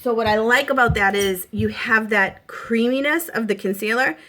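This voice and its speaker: Slight background noise accompanies a woman whose a-little-high voice sounds bright and forceful at normal speed. In her thirties with a Boston accent, she leads a casual makeup tutorial at home, chatty and reassuring and full of fillers.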